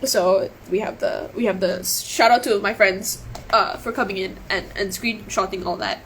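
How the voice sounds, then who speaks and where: A woman's voice: mid-range voice, fairly even intonation, normal speed, fairly bright tone, slight background noise, rough recording. A woman telling her story on a live stream, shaken and close to tears, rambling, apologizing and restarting her sentences. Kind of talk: emotional live stream monologue.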